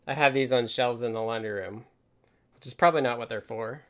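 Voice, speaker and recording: A man's voice: mid-range voice, fairly quick, a bit bright. A man hosting a casual live stream from his home workspace, thinking aloud and explaining things step by step. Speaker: livestream host.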